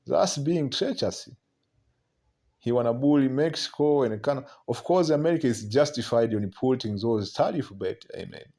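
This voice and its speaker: A man's voice: mid-range voice, animated, mellow. A man preaching on prophecy in a loose, conversational way, reading scripture aloud, often stumbling over repeated words and ending lines with "man". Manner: keeps tagging lines with "man", halting repeats; reads scripture aloud between remarks.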